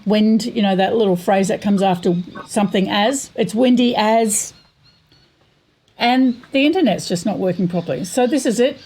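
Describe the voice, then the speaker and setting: A woman's voice: mid-range voice, normal speed, darkish tone, slightly rough. A woman hosting a casual chat, telling rambling stories. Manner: chatty, rambling storytelling. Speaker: host.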